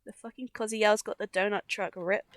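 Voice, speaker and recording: A woman's voice: mid-range voice, fairly even intonation, brisk, background noise. A young woman streaming live, chatting casually and giggling often between sweary asides. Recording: faint background music.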